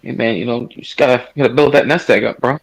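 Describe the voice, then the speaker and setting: On poor audio, a US man in his thirties joins a voice chat as a guest caller, debating politics casually. He speaks fast at a medium pitch with vocal fry and a slightly rough edge, rambling emphatically and cursing occasionally.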